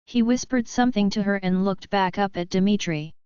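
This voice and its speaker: A woman reading a romance audiobook in steady first-person narration. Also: medium pitch, fairly quick, clear, resonant tone, no room sound, muffled recording.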